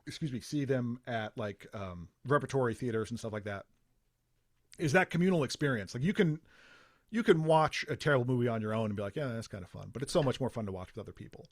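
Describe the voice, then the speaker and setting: A man hosts a casual podcast conversation, winding through long, rambling explanations. His voice sits at an ordinary middle pitch. The sound is close and completely dry. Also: animated, fast talker, no room sound. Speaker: podcast host.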